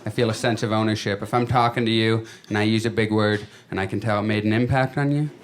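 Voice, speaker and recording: A man's voice: on the low side, steady tone, fast talker. A man doing a stand-up comedy set, telling stories in a conversational way and acting out quotes. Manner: conversational storytelling with acted-out quotes. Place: comedy stage before a live audience. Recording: live audience laughter.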